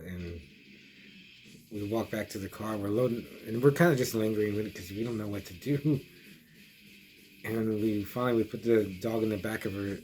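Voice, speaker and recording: A man's voice: on the low side, a little mellow, a little hiss or hum. A middle-aged man casually telling a long story for his horror review vlog, rambling with many restarts and quoted asides. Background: music.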